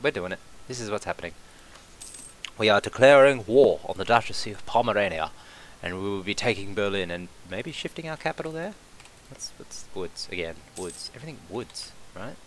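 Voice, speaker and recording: A man's voice: on the low side, a bit bright, a little hiss or hum. A man commentating his own strategy game, thinking aloud, swearing casually and bursting into cheers when things go his way. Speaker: gameplay commentator. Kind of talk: casual let's-play commentary.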